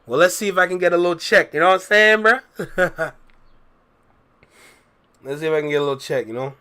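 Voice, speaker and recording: A man's voice: high-pitched, a little fast, sharp tone, clean tone. A young man casually chatting with his viewers on a livestream, laid-back and full of slang, reading out and answering chat messages. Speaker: reaction streamer.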